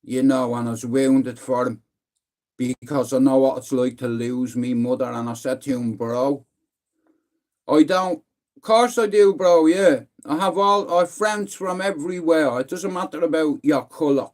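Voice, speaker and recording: A man's voice: medium pitch, fairly even intonation, normal speed. A middle-aged man with a Dublin Irish accent, hosting a livestream in a blunt, rambling, sweary way. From Ireland. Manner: rambling, blunt and sweary, repeatedly saying "listen". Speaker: livestream host. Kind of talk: casual livestream chat.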